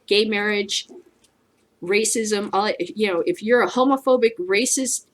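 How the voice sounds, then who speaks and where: A woman's voice: mid-range voice, a little slow. A woman hosting a casual commentary show, ranting bluntly with lots of swearing and frequent laughter. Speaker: host.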